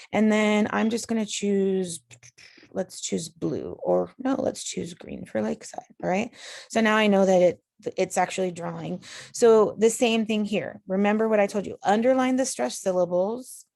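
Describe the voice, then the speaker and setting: A woman's voice: mid-range voice, gravelly, a little mellow, no echo, clean studio sound. A woman teacher patiently talking students through a recorded online lesson, step by step. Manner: patient, explanatory, talks students through steps.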